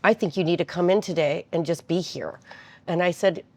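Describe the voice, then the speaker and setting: Lady with a deep voice talking about her workplace, sincere and thoughtful. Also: fairly quick, a little mellow. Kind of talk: casual interview talk.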